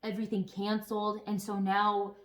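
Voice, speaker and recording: A woman's voice: medium pitch, moderate pace. Chatty woman vlogging to camera. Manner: chatty, animated storyteller who swears. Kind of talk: casual chat to camera.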